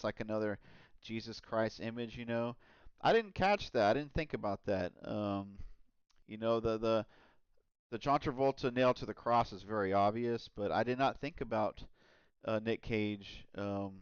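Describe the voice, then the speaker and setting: A man's voice: mid-range voice, clear, resonant tone, no room sound, lo-fi sound. A man chatting casually on a stream about films he has watched, rambling and enthusiastic with lots of fillers. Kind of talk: casual film review chat.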